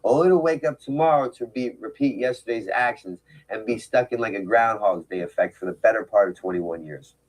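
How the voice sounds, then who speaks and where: A man's voice: lowish voice, brisk, hardly any pauses, poor audio. Candid man telling his story. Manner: candid, emphatic, rhetorical asides. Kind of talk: personal storytelling talk.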